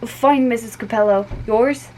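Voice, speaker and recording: A woman's voice: on the high side, a little slow, a little mellow, a little hiss or hum, close to an everyday voice, poor audio. A woman voicing Johnny, a scheming schoolboy in a read-aloud story, eager and a little sneaky.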